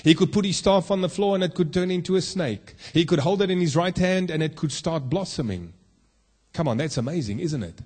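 A man's voice: on the high side, expressive, fairly quick, a little mellow. A man preaching a sermon, emphatic and full of rhetorical questions to the congregation, from South Africa.

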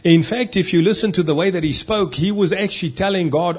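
Preacher, male, husky tone, emphatic delivery with big swings in loudness. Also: high-pitched, animated, fast talker. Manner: emphatic, rising and dropping loudness for stress. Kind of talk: sermon.

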